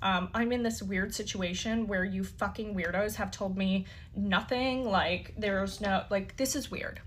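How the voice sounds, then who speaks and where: An interview guest recounts something personal in a chatty, casual manner, full of "like" fillers and free swearing. She has a mid-range voice, speaks unhurriedly, and there's slight background noise.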